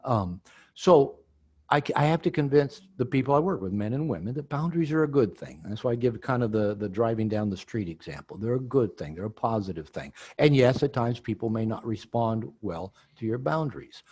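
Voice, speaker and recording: Male author guest, husky, animated delivery; explains and acts out sample lines. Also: mid-range voice, a little fast. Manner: explanatory, acts out example dialogue. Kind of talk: podcast interview, teaching.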